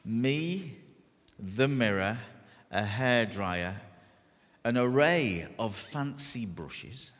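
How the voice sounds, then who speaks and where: A man preaching a sermon, telling stories with self-deprecating humour and deliberate pauses. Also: medium pitch, animated, fairly bright tone. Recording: long hall reverb.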